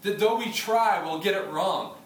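A man in his thirties preaching a sermon, chatty and humorous, telling stories with lively asides. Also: high voice, normal speed, slight background noise. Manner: conversational preaching, humorous asides, animated storytelling. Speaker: pastor. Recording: echoey room from a distance.

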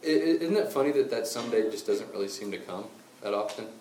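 A man preaching a sermon, telling a Bible story with lively acted-out voices and then slowing into quiet, intense appeals. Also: on the low side, a little hiss or hum. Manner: animated storytelling, acting out quotes, dropping to quiet intensity. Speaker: pastor. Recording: roomy and distant with faint ambience.

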